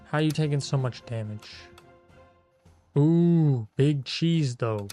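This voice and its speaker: A man's voice: mid-range voice, a little mellow. A man streaming a game, joking around in slangy, playful commentary. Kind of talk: gaming commentary.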